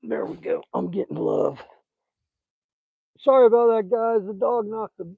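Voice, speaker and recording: A man's voice: sits high, a little slow, vocal fry, pauses often, no echo. A man hosting a casual fishing live stream outdoors by a lake, chatting in a folksy way and talking fondly to his dog, recorded on a phone. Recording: dull, dry phone audio.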